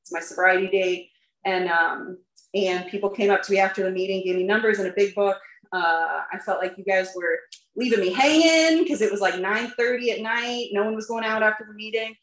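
With a mid-range, slightly bright voice, a woman talks fairly quickly as she candidly recounts her recovery to a group. Chatty and filler-heavy, she laughs at herself from time to time, and the recording carries a roomy echo.

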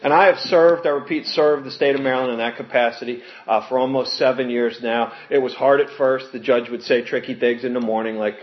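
A man telling his personal recovery story to an audience, earnest and animated when quoting others. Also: mid-range voice, brisk, few pauses. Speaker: recovery speaker. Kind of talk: personal testimony talk. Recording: muffled lo-fi recording.

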